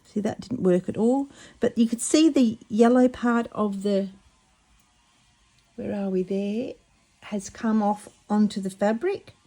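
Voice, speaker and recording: A woman, chatting casually and excitedly while showing a craft project, often stumbling over her words. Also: medium pitch, measured pace. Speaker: craft vlogger.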